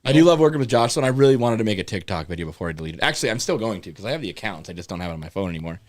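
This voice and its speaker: A man telling a long, rambling story in a casual podcast chat, swearing a lot and correcting himself as he goes. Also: lowish voice. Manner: rambling and animated, heavy swearing, quick self-corrections.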